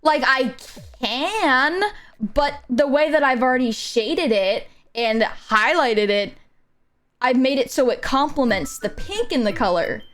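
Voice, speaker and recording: A woman streamer who takes art commissions tells a story casually while drawing, her high voice moving at a measured pace over faint background music. She rambles and swears, retelling events animatedly with "like" in nearly every line.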